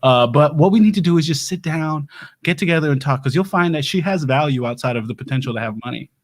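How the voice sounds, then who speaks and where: A man plays a bumbling doomsday prep lecturer with a drawl. His voice sits a bit high, and he stammers and backpedals constantly in an improvised comedy stream. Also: expressive, quick pace. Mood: flustered. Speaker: host.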